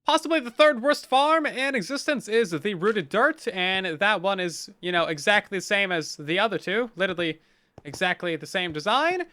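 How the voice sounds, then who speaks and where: A man's voice: high voice, expressive, normal speed, bright, forceful tone, no room sound. A man hosting a game let's play, talking in upbeat, chatty commentary with dry sarcastic jokes. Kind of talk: casual gameplay commentary.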